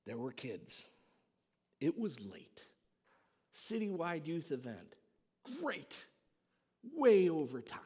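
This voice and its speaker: A male pastor preaching slowly with a husky voice, his pitch rising and falling widely as he tells stories dramatically. His words carry a long reverb through a church hall. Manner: storytelling, dramatic, animated. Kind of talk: sermon.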